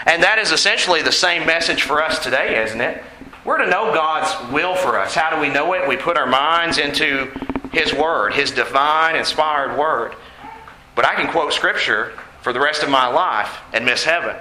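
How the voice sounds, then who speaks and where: A man's voice: fairly high pitch, moderate pace, sharp tone. A man preaching a sermon in an earnest way, asking the congregation questions. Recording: echoey room with faint noise.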